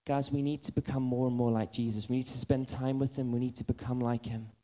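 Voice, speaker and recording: A man in his thirties preaching a sermon, earnest and building to excited urgency. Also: mid-range voice, fairly quick.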